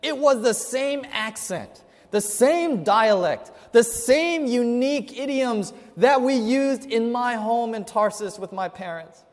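High-voiced preacher in a reverberant hall. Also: male voice, takes it slowly, few pauses. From Chinese family. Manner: asks the audience questions, swings between loud and hushed. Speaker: pastor. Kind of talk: sermon.

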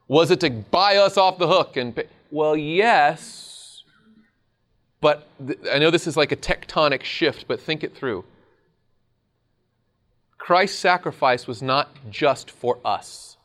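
A man preaching a sermon in an animated, conversational way, often laughing at his own points. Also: on the high side, takes it slowly, long pauses.

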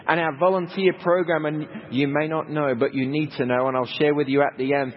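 A man's voice: a little high, level tone, fairly quick. A middle-aged Australian man, a missionary speaker, telling anecdotes to a congregation in a conversational way with humorous asides. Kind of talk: storytelling talk to a congregation. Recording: dull lo-fi recording with hall reverb, faint noise.

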